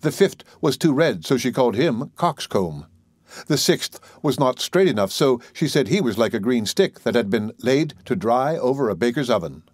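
Male narrator, mid-range voice, expressive fairy tale reading, dry studio. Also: mid-range voice, normal speed, dry recording. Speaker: storyteller.

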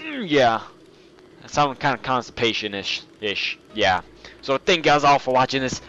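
Goofy, excitable young man gaming. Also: mid-range voice, normal speed, dull audio, faint music behind. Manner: excitable, goofy, gushes over the game. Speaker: gameplay commentator. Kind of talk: let's play commentary.

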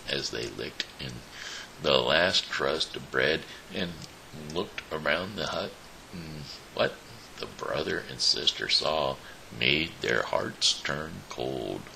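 A man reads a fairy tale aloud in a very deep, gravelly voice. He takes his time, stumbling and restarting now and then, and his tone has a bright, tight edge to it. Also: sing-song, slight background noise, rough recording. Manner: slow, with small slips and restarts. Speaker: show host reading a story. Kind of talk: storybook reading.

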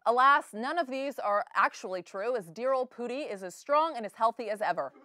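A young woman anchors a comedic spoof newscast in a playful, sarcastic voice. She sits on the higher side of the pitch range, and the studio sound is close and dry. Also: expressive, a little fast, pushed and bright, no room sound. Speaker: student news anchor.

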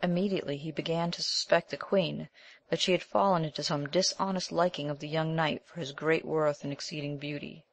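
A woman narrating an old chivalric romance as scripted audiobook narration, in a measured, even reading. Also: sits low.

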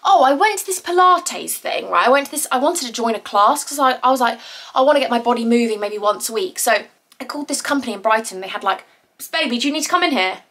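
Young woman, slightly high voice, breathless bubbly vlog chat at home. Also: animated, fast talker, fairly bright tone. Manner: chatty, bubbly, rambling. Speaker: vlogger. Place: at home indoors.

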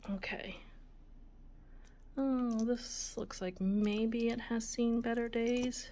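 Woman, slow unhurried talk, soft and musing, drifts into whispers, faint background hiss. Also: a little high, fairly even intonation. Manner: slow, soft-spoken, musing aloud, often drops to a whisper. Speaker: vintage jewelry channel host. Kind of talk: casual show-and-tell of jewelry.

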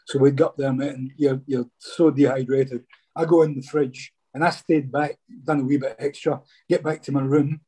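Middle-aged man, ex-footballer guest, husky and dark, chatty yarn-teller. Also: medium pitch, steady tone, normal speed. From Scotland. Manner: chatty, peppers speech with "mate". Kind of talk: casual interview storytelling.

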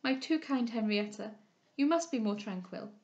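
A woman reading aloud and voicing a frail, gentle young lady, soft and kind. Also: fairly high pitch, animated, normal speed. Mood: feeble, fond. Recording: dull lo-fi recording.

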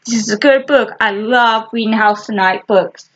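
High-voiced woman rambling slowly about her books, stops and restarts a lot, dull lo-fi audio. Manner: halting, restarts often, talks in short fragments; slow and rambling. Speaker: vlogger showing her book collection. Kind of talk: casual chat.

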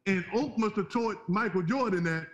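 A man tells a story in a high, excited voice. His pitch leaps even higher when he quotes himself. He sounds like an old athlete reliving a wild night out. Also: normal speed, lo-fi sound. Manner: lively, jumps up in pitch when quoting himself. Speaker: former basketball player telling a story. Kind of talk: animated storytelling on a talk show.

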